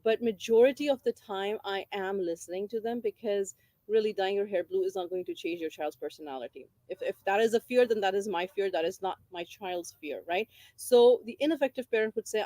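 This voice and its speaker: A woman's voice: mid-range voice, lively intonation, brisk, warm tone, dry recording. A woman giving an informal talk on parenting, explaining a book's ideas and repeating key phrases for emphasis. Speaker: parenting educator.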